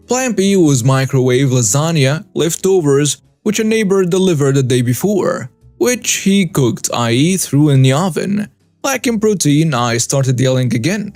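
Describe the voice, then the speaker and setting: A man reads a submitted story aloud as scripted narration, his voice sitting a little on the high side. He moves through it in short, clipped phrases. The sound is dry and close, with faint music running softly behind him. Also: expressive, a little slow, no room sound. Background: soft background music.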